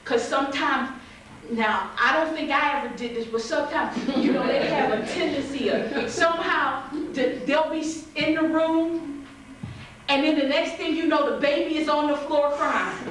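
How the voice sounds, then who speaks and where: Woman pastor preaching in aave, high voice, really echoey and far from the mic. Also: moderate pace, background noise. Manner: lively, acts out voices, laughs often, calls to the congregation. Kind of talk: sermon.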